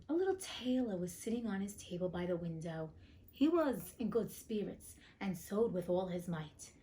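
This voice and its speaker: A woman's voice: medium pitch, a little mellow. Young woman reading old fairy tales, chatty and cheeky, cusses in her asides. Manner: cheeky, profane side comments. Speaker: podcast host and audiobook reader. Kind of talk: casual storybook reading with asides.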